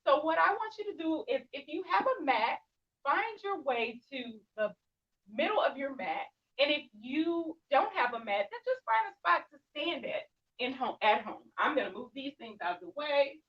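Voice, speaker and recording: A young woman with a high, sing-song voice leads a children's yoga class at a moderate pace, playful and encouraging as she calls out sing-song prompts. The sound is muffled, as if she's standing far from the mic.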